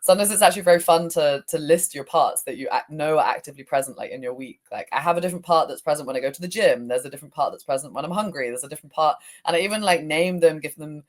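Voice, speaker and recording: A woman's voice: low-pitched, rapid-fire, few pauses. A woman emotional release coach, talking as an interview guest in a reflective way, often searching for words with fillers. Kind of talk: conversational interview.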